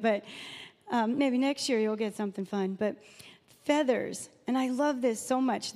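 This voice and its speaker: Lady preaching, chatty, tells stories, kinda high voice, big echoey church. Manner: warm, chatty preaching with personal stories and Bible reading. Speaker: guest speaker at a church Mother's Day service. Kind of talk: sermon. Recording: reverberant hall sound.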